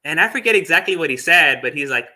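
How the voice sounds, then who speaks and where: A man's voice: a little high, expressive, fast, pushed and bright. A man who is a Buddhist monk telling a personal story in a chatty way, with fillers and small laughs. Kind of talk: casual storytelling talk.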